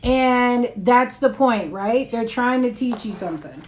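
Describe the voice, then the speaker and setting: Sex: woman. Role: tarot reader. Style: casual live-stream reading. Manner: chatty, loose, checks in with viewers. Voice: a touch high. Mic: phone at home. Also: animated, unhurried, slight background noise. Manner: chatty, loose, tag questions and asides to viewers.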